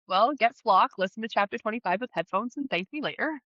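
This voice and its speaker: A woman co-hosting a book podcast in casual chat, giggling often and speeding up when excited. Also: on the high side, normal speed, no echo. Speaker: podcast co-host. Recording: slightly dull lo-fi audio.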